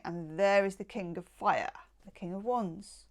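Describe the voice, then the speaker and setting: A woman's voice: mid-range voice, a little slow. A woman giving a tarot reading in a casual, enthusiastic and affectionate way, with chatty asides. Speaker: tarot reader.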